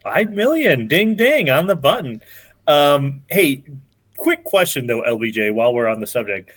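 A man's voice: medium pitch, sing-song, moderate pace, fairly bright tone, no room sound. A man with a mid-range voice leads a podcast segment in casual chat. He sounds upbeat and laughs easily, recorded dry with no room sound. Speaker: podcast co-host.

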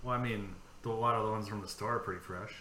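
Man from California, rambling, swearing storyteller on a casual podcast, bright voice, echoey room. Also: on the low side, steady tone, fast. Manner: rambling storyteller, swears freely, acts out dialogue. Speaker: podcast co-host. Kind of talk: casual chat. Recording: echoey room with faint background noise.

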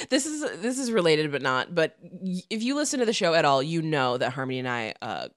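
A woman in her thirties co-hosts a casual podcast chat with a very lively, swooping pitch. She talks bluntly and swears freely. The sound is dry and close. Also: brisk, no room sound. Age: 30s. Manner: animated, laughing, blunt and profane. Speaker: podcast co-host.

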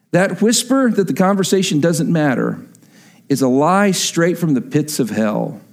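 High-voiced male pastor preaching. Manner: storytelling, then lowers into earnest, hushed emphasis. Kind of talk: sermon.

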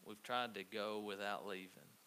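A man preaching a conversational sermon, telling stories with halting restarts. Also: on the low side, steady tone, sharp tone. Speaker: pastor. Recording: faint hiss.

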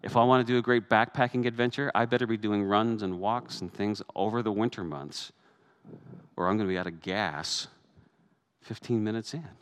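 A man's voice: lowish voice, normal speed, smooth. A man, a pastor, preaching a sermon in a conversational way that rises to emphatic peaks.

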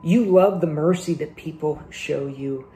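Male pastor, conversational sermon delivery; gravelly tone, roomy church-hall sound. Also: a little high, unhurried, warm tone, a little hiss or hum. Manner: conversational preaching with rhetorical questions. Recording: echoey room.

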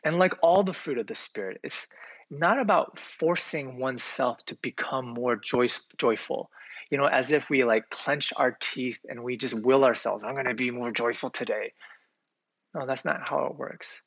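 Gravelly, husky-voiced male pastor preaching. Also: medium pitch, moderate pace, a bit bright, no room sound. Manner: earnest, conversational preaching with fillers. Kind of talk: sermon. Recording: slightly muffled, dry recording.

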